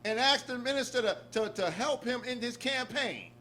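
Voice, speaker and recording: A man giving a mosque lecture in a colloquial preacher's way, building to loud emphatic peaks. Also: very high voice, animated, normal speed. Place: mosque hall.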